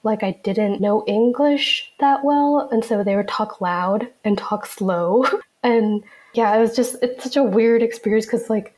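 A woman's voice: on the high side, a little slow, darkish tone. A young American woman co-hosting a podcast, talking reflectively and casually with many "like" fillers. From United States. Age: young adult. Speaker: podcast co-host.

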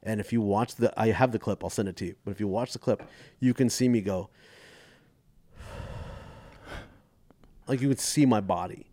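A man's voice: fairly low pitch, fast talker, dry recording. A man in his forties, a comedian, telling stories in casual podcast chat and acting out the voices of people he quotes. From United States. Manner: animated storyteller acting out quotes. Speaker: guest comedian.

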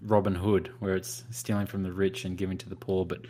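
A man's voice: sits low, level tone, a little fast, mellow. A man co-hosting a podcast, rambling and thinking aloud in casual chat. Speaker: podcast co-host.

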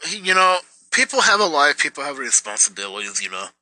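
A man's voice: on the high side, big pitch swings, a little fast, bright, forceful tone, no room sound, poor audio. A young man ranting through a personal story in a bitter, rambling way, full of fillers. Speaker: vlogger.

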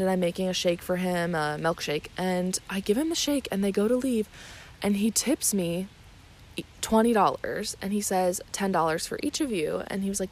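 A young woman hosting a casual solo podcast, chatty and rambling, with many fillers and restarts. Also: on the low side. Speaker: podcast host.

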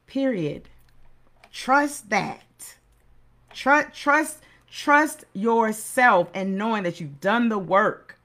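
A woman's voice: mid-range voice, fairly bright tone. Middle-aged woman, motivational host; earnest, sermon-like delivery with repeated phrases. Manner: earnest, preacherly, repeats key phrases for emphasis. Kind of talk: motivational talk.

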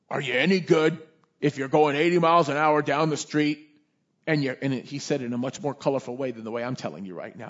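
A man preaching a sermon as a chaplain, telling stories in a lively way and shouting when he acts out scenes. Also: a little high, lo-fi sound. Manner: animated storytelling, shouting in re-enactments.

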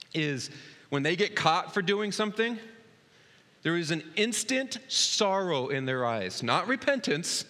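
A man in his thirties preaching a sermon as pastor, earnest, dropping to a hush and then rising loud and excited. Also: on the high side. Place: church sanctuary. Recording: long hall reverb.

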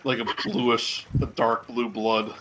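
Male game master, slow unhurried narration, bright voice, halting with fillers, faint background hiss. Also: medium pitch, flat delivery, low-quality recording. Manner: halting, many ums.

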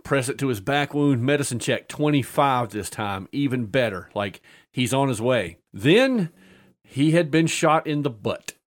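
A man's voice: mid-range voice, expressive, unhurried. A man casually telling a funny tabletop-game story, padding it with filler sounds and breaking into laughter.

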